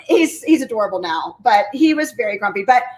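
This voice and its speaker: A woman telling her story as an interview guest, a real estate agent, talking in a high-energy, enthusiastic way. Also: animated, brisk, a little mellow. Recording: roomy echo.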